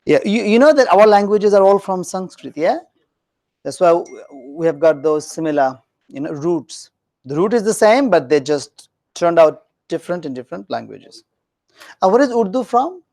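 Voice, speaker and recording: Animated joking teacher in a classroom. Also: male voice, high voice, normal speed. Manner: animated, joking with students, mixes in Hindi phrases. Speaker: grammar teacher. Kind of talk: classroom grammar lesson.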